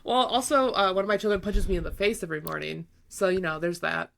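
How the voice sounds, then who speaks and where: A woman's voice: lowish voice, quick pace, gravelly, fairly bright tone. A young woman co-hosting a podcast, rambling casually with lots of fillers and playful quoting. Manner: rambling, full of fillers and acted-out quotes, laughs often. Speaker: podcast co-host. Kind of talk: casual chat.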